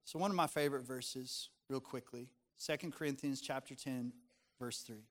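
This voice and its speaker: A man's voice: medium pitch, moderate pace, fairly bright tone, long reverb tail. A middle-aged man preaching as a pastor, reading scripture and speaking earnestly and conversationally to his congregation. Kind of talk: sermon.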